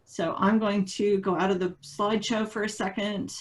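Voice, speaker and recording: A woman's voice: medium pitch, fairly even intonation, normal speed, rough recording. A woman teaching a webinar in a conversational way, asking the group questions. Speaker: webinar presenter.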